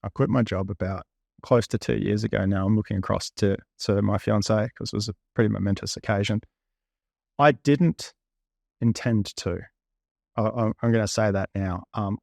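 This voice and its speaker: Man in his 30s, creaky voice, dry close sound, candid interview storyteller. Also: on the low side, darkish tone, no echo. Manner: candid, retells conversations at length. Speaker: property investor guest.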